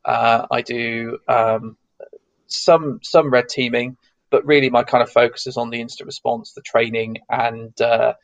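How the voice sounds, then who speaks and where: A man's voice: mid-range voice, level tone, a little slow, gravelly, muffled recording. A man from the south of England with a neutral English accent, chatting as an interview guest and rambling with many restarts. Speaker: guest, security consultant. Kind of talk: casual interview chat.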